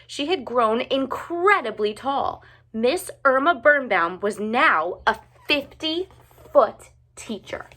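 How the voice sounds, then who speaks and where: A woman reading a picture book aloud with expressive, animated narration. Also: high voice, takes it slowly. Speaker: storyteller.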